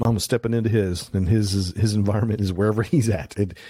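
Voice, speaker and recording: A man's voice: lowish voice, fairly even intonation, fast, dark tone, slightly rough, no echo. A middle-aged man, a photographer guest, chatting casually and telling anecdotes with plenty of restarts and fillers. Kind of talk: casual interview storytelling.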